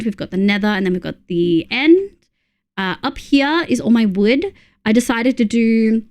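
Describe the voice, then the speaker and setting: A woman's voice: medium pitch, a little mellow. An Australian woman streaming, giving casual, rambling commentary while playing, with plenty of fillers and restarts.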